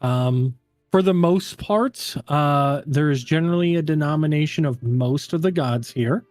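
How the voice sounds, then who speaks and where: A man's voice: on the high side, measured pace, darkish tone, no room sound. A man narrating a tabletop game as game master, in a casual style full of fillers.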